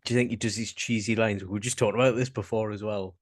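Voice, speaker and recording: Northern English man, podcast co-host, low voice, dry close sound, laid-back and hesitant. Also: fairly even intonation, fast talker, no room sound. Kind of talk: casual chat.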